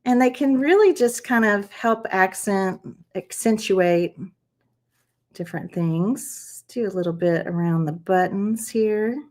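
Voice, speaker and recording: The host of a craft channel, a woman, chats during her live stream as she demonstrates each stage. She speaks slowly at medium pitch with a slightly mellow tone, warmly encouraging viewers through every step.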